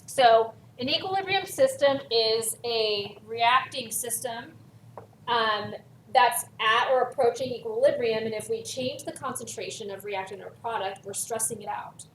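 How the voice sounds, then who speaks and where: A woman's voice: a little high, a little slow, fairly bright tone. A woman chemistry teacher giving a recorded lesson, working through a worksheet and stressing key words for emphasis. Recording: echoey room, voice from far off, faint hiss.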